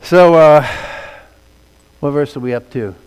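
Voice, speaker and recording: High-voiced preacher in a reverberant hall. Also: male voice, unhurried, clear, resonant tone. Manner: animated preaching, swinging from quiet to loud emphatic. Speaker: pastor. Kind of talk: sermon. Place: church sanctuary. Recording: long reverb of a large hall.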